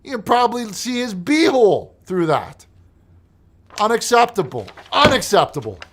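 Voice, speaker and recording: A man hosting a comedic call-in show in the style of a preacher. He swings between mumbled reading of messages and loud, exasperated ranting. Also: high-pitched, very animated, normal speed, background noise.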